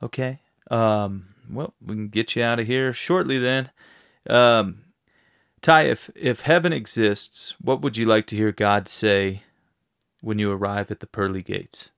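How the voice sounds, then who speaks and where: A quiet male podcast host working through his questions in a measured, even way. His voice sits a little low and sounds smooth and clear on a dry, close mic. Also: no room sound. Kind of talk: casual podcast interview.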